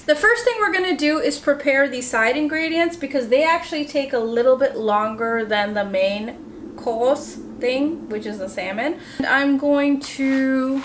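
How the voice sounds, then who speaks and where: A woman's voice: sits high, noisy background. A young woman with an Indian accent, chatting casually to the camera while cooking in her home kitchen, self-deprecating and talkative. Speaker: home cook vlogger.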